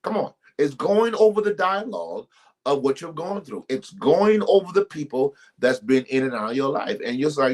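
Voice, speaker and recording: A man hosting a ministry live stream, giving casual relationship advice to his viewers. He talks emphatically and repeats himself like a preacher, jumps suddenly in pitch, and greets commenters by name. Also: sing-song, normal speed, a little mellow.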